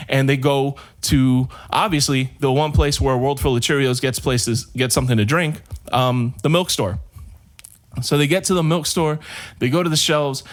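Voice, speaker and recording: A man on a podcast, casually telling a long shaggy-dog joke and drawing out the build-up. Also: medium pitch. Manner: casual storyteller, drawn-out build-up. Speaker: podcast co-host.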